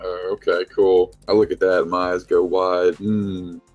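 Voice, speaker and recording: A man's voice: sits low, flat delivery, a little slow, lo-fi sound, soft background music. A young man playing a tabletop game, casual and jokey, laughing often. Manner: giggly, jokey. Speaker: player.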